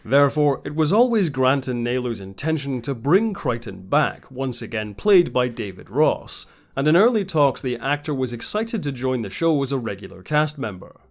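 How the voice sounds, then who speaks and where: A man narrating a scripted TV retrospective in a measured, informative way. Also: medium pitch, very animated. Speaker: video essay narrator.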